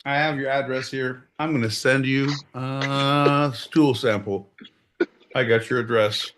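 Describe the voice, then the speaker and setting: A man's voice: mid-range voice, fairly even intonation, measured pace, noisy background. A man co-hosting a podcast, bantering casually, swearing and teasing with exasperation. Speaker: podcast co-host.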